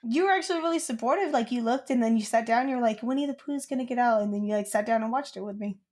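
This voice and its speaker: A woman's voice: a little high, racing, darkish tone. A young woman co-hosting a podcast, telling a childhood story in casual chat, rambling with lots of "like.". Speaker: podcast co-host.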